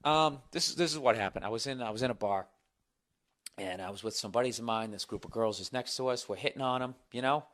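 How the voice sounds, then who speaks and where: A middle-aged man hosts his own podcast and tells a story alone at the mic. He is sarcastic and swears constantly, and his voice sits at an ordinary middle pitch. He throws himself into the telling and keeps it animated. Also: fast. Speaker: podcast host. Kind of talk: solo comedic podcast rant and storytelling.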